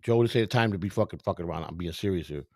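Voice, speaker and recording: Guy doing his old ball-club manager, low gravelly voice, blunt, swearing nonstop. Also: rapid-fire, a little mellow, no room sound. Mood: stern. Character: gruff, foul-mouthed older male baseball manager.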